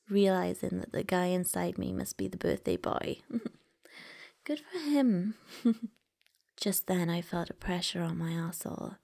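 A woman reading a first-person story aloud in a soft, intimate whisper. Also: mid-range voice, gravelly.

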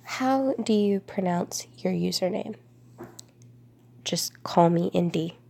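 A congested young woman from Florida chatting casually to camera, drifting into soft whispers between answers. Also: on the low side, takes it slowly, gravelly, a little hiss or hum. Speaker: vlogger.

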